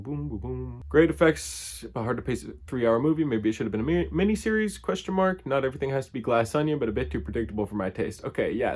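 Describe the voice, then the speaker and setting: A man's voice: mid-range voice, a little mellow. A man hosting his own channel, giving a casual unscripted film review in a rambling, laid-back way, full of "like" and "I don't know".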